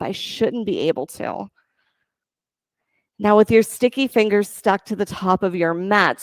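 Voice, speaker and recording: A woman yoga teacher leading a class, giving calm, encouraging step-by-step cues for breath and poses. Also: mid-range voice, no echo. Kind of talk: guided yoga class instruction.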